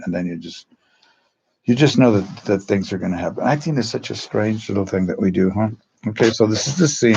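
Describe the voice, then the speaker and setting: A drama teacher tells his stories in a gravelly, husky voice. He halts and restarts, then acts out quotes in changed voices. The recording sounds dull and lo-fi. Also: fairly low pitch, a little mellow. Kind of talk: storytelling, casual talk.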